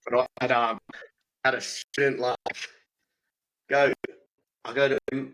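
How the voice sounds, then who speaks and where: A young Australian comedian who used to be a teacher tells anecdotes in a casual chat, animatedly acting out the voices. His voice is medium-pitched at a moderate pace with long pauses, and the recording is rough.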